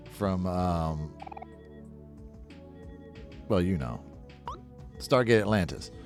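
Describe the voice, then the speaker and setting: This man's voice is on the low side, with a darkish tone. He hosts gaming videos, talking casually over his own playthrough with plenty of swearing, rambling and blunt takes.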